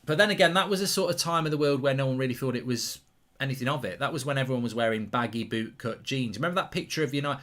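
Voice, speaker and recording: A man hosts a live football watchalong, mixing excited reactions to chances with casual chat and viewer questions. His voice is bright and forceful, sitting at a middling pitch. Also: fast talker.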